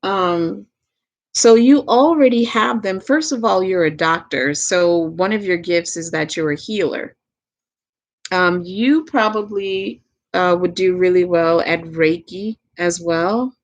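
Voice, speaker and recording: Her voice is lowish and her accent Southern US as she gives a live tarot reading as a medium. The delivery is gentle and unhurried, with repeated phrases and occasional soft laughter.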